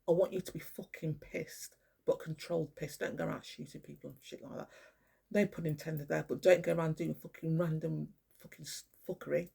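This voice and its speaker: Older speaker, gravelly, husky, profane emphatic monologue, halting restarts. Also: mid-range voice, dark tone. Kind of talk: rambling monologue to camera.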